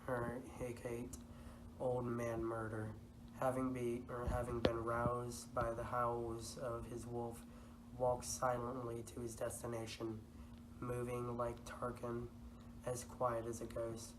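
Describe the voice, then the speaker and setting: A man's voice: mid-range voice, takes it slowly, lightly acted. A teen boy playing a shaken guilty murderer. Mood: brooding. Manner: reads lines flatly with stumbles and self-corrections. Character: guilt-ridden male murderer lord, shaken. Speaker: student actor. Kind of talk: amateur school-project reenactment. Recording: echoey room from a distance, noisy.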